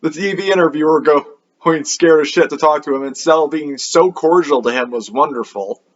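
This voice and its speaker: A man's voice: on the high side, moderate pace, highs cut off. A man hosting an anime review video, talking in a casual, offhand, rambling way with a sarcastic edge.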